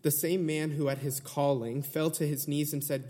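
A man's voice: a little high, fairly even intonation, normal speed, warm tone, big-room sound. A man preaching a sermon to his congregation in an earnest style that builds to emphatic retellings.

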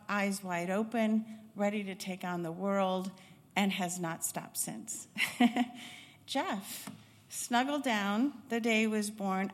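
Middle-aged woman telling her life story in a reverberant hall. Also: medium pitch. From Chicago, United States. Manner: reflective, unhurried storytelling with frequent hesitations. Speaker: former pediatric nurse and nursing instructor. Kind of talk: personal life-story talk.

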